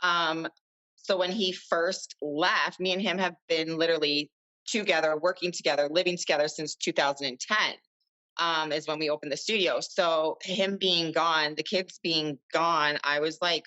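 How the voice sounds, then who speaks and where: Low-voiced chatty woman, muffled sound. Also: moderate pace, sharp tone. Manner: chatty, rambling with many fillers. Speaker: podcast guest. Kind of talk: casual chat.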